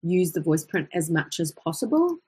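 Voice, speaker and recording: Breathy woman teaching a voice lesson. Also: on the low side, sing-song, normal speed, a little mellow. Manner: explanatory, chatty, with fillers and self-corrections. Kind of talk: online voice lesson.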